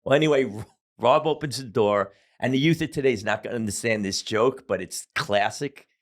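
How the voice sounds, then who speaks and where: A middle-aged man of average pitch tells a story as a podcast guest. He talks casually and swears freely, with lots of fillers and restarts. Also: fairly quick. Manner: casual, profane, animated storyteller with many fillers.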